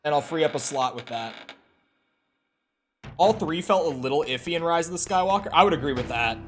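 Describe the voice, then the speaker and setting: Chatty male streamer with a highish voice. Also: lively intonation, fairly quick. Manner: chatty, reacts aloud and answers chat; loud startled outbursts. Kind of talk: casual let's-play commentary.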